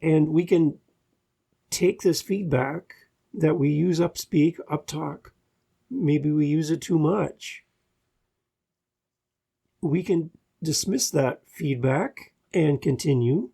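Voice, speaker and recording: Gravelly, dark-voiced Canadian podcast host. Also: male voice, on the high side, takes it slowly, pauses often. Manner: earnest, easygoing and self-deprecating. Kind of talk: solo podcast monologue giving advice.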